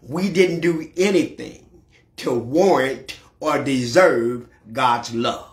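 Fiery preaching pastor in an echoey church. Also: male voice, medium pitch, slow. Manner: preaching with sudden shouted climaxes. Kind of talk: sermon. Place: church sanctuary.

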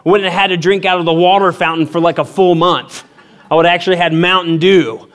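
Animated storytelling pastor, higher-pitched man. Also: fast talker. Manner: animated storytelling, acting out voices with big pitch jumps. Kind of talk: sermon.

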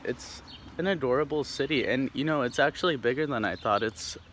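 Speaking fairly quickly at a medium pitch, with a slightly bright quality, a young man from Tacoma, Washington, USA, vlogs casually during a neighborhood walk. He rambles, restarting often and leaning on fillers, typical of his Pacific Northwest setting, while faint outdoor sounds play behind him.

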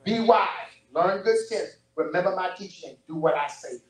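A male preacher giving an animated sermon, full of storytelling and repeated phrases. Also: high-pitched, moderate pace. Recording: roomy distant church recording.

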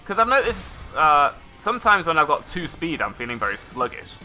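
A man's voice: a little high, sing-song, moderate pace, sharp tone, soft background music. A man giving rambling let's play commentary, correcting himself as he goes with dry little asides. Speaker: gameplay commentator.

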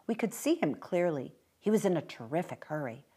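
Low-voiced woman reading a story aloud. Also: breathy edge. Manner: expressive, brisk narration. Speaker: reader.

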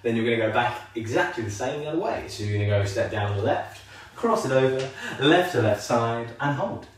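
A man's voice: mid-range voice, lively intonation, fairly quick, recorded from a distance. A man teaching a live line dance class from home, upbeat and calling counts in rhythm while he dances. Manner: upbeat, calls counts rhythmically, jokes about himself. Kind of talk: live online dance lesson. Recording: very echoey room, voice off-mic, faint noise.

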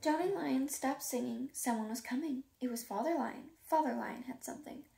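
Woman reading a kids book out loud, high voice, bit of fry, echoey room. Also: moderate pace, distant mic, slight background noise. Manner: lively, plays up sound words and dialogue. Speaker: reader. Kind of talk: children's storybook read-aloud.

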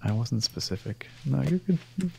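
A man from Canada co-hosting a soft-spoken ASMR gaming chat, hesitant and often dropping into whispers. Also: medium pitch, animated, moderate pace, creaky, a little hiss or hum. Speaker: co-host.

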